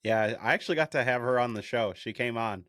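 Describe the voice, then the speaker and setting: A man hosting a podcast interview, chatting casually with short, relaxed reactions. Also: mid-range voice, quick pace, no room sound, clean studio sound. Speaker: podcast host.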